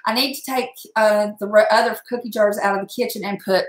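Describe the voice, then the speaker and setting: A middle-aged woman makes a wreath at home during a casual crafting livestream, blunt and talkative with some mild cursing. Her mid-range voice is steady and fairly quick, and the indoor room sounds echoey.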